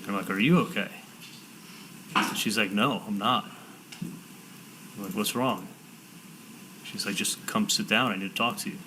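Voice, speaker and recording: A man testifying as a defendant in a courtroom, telling his story in halting sentences with repeated words and "I'm like" quotes. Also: fairly low pitch, background noise.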